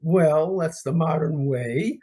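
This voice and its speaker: A man's voice: a little high, slow, vocal fry, dark tone, slightly rough. A male host asking questions in a casual interview, hesitant with many ums. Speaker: show host.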